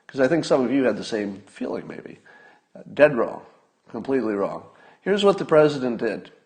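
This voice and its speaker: A man in his sixties hosting a casual livestream, talking wryly and conversationally, with sudden emphatic rises and low mutters. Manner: conversational, wry, drifts between loud emphasis and mutters. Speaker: podcast host.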